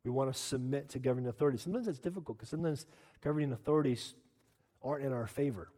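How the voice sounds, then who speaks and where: A man preaching a sermon as pastor, emphatic, often urging "listen" and climbing to loud peaks. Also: medium pitch, racing, long reverb tail.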